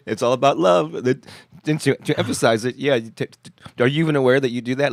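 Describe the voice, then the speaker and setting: A man hosting a casual live stream, slightly nasal with a scratchy, congested throat, talking in a halting way with many restarts and chuckles. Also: mid-range voice, vocal fry, no echo, clean studio sound. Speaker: host.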